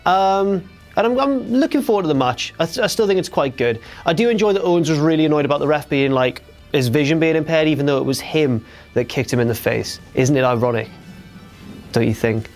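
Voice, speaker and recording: Young host, casual and jokey, slightly higher voice, faint music underneath. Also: male voice, animated, a little fast. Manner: jokey, chatty, breaks into silly impressions. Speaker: host of a wrestling recap show. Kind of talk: casual chat, recap.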